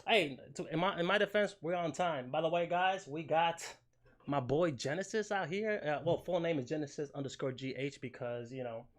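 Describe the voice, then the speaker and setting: A young man hosting a casual gaming podcast, animated and joking, swearing freely and full of fillers. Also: on the high side, fairly quick. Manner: animated, joking, swears a lot, fillers like "you know what I'm saying". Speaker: podcast host. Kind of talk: casual chat.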